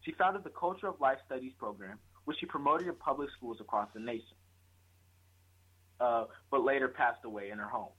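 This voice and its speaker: A man reads a prepared tribute aloud, now and then tripping over a word and correcting himself. His husky voice comes through a thin, tinny phone line. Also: medium pitch, a little fast, a bit bright. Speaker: guest presenter.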